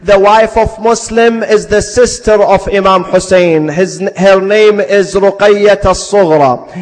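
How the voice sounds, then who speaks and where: Brief: high-pitched male preacher, solemn sermon narration, ringing in a reverberant hall. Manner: slow, solemn storytelling. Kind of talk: sermon narration with chanted elegy.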